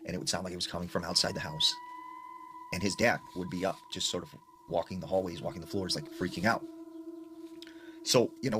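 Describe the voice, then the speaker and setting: A man's voice: low voice, wildly swooping pitch, fairly quick, long pauses. A man casually retelling a scary story he heard, talking in a loose, conversational way with lots of fillers. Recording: noisy ambient recording.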